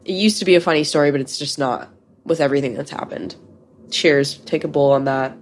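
Twenties woman hosting a podcast, swears a lot, rambly casual storytelling, lower voice. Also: fairly quick. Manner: profane, candid, rambling. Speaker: podcast host.

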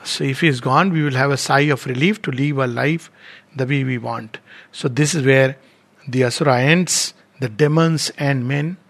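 A spiritual teacher, a man, reads poetry aloud and explains it in a measured, reflective way, pausing often. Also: mid-range voice, gravelly, a bit bright.

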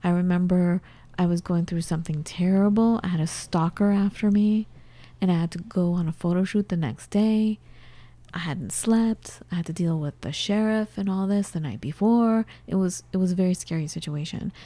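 A woman with a lowish voice speaks at normal speed in a recording with no echo. As co-host of a casual talk show, she tells a personal story, animatedly acting out the conversations within it.

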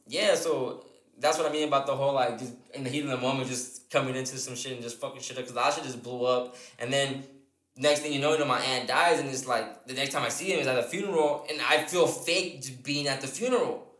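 Young man, podcast co-host, rambling storyteller, swears a lot, fast talker, echoey room. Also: medium pitch, a bit bright. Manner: rambling, profane, many restarts and fillers. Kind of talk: casual storytelling chat.

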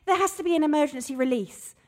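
A woman's voice: sits high, quick pace, a little mellow, faint music behind, natural voice. A woman playing a panicky trapped woman. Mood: panicked. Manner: panicky, increasingly frantic. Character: anxious woman trapped in a sauna. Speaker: sauna customer. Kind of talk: audio drama acting.

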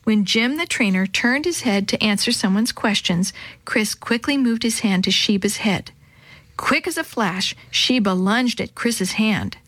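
A woman reading a children's story aloud in a clear, even narration. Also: medium pitch, a little slow, dry recording. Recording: dry close sound.

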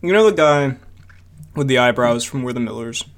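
A man's voice: mid-range voice, expressive, moderate pace. A man co-hosting a casual podcast chat, joking and laughing often. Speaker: podcast co-host.

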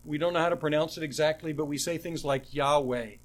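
A man preaching an expository sermon, speaking earnestly, often repeating words and slowing down to stress the verses he quotes. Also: a little high, steady tone. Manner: earnest teaching tone, frequent word repetitions, slows to stress quoted verses.

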